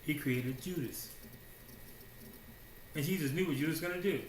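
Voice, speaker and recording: A man preaching a sermon in a casual, slangy way, swinging between hushed asides and loud declarations with many rhetorical questions. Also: on the high side, normal speed, long pauses. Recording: roomy echo.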